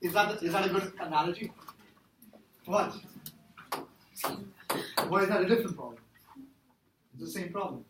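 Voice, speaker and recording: A man's voice: high voice, animated, normal speed, long pauses, noisy background. A man teaching a math class, emphatic and repetitive as he quizzes his students. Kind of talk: classroom lecture. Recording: echoey classroom from far off.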